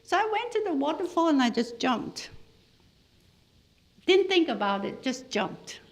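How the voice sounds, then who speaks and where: A middle-aged woman from Malaysia lecturing a class as a hypnotherapist. She tells stories in an animated way, her pitch swinging widely as she goes. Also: a little slow. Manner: storytelling, lively and animated, with laughs. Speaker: hypnotherapist giving a talk.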